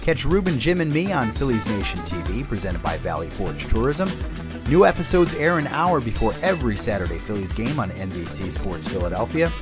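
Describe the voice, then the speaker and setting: A male podcast host reads a scripted outro and sponsor plug in an upbeat, promotional way. Music plays clearly underneath him the whole time. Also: mid-range voice, very animated, fairly quick.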